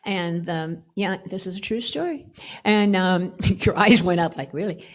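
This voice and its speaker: A woman's voice: lowish voice, unhurried. An older woman on a church conference panel, telling a personal story in a chatty way and laughing often.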